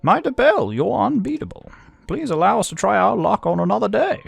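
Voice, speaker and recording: A man voicing a scheming, smooth-talking nobleman in a video game, in a high, theatrical put-on voice with a vague accent. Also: very animated, a little fast, no echo, soft background music, exaggerated voice. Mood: flattering.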